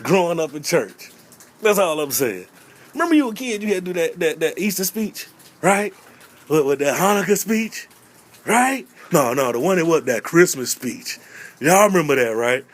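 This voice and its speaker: Fairly high-pitched and highly animated, the man talks at a normal speed. He's a stand-up comedian from North Carolina, playfully recounting his church childhood, doing little voices, and often saying "I'm just saying."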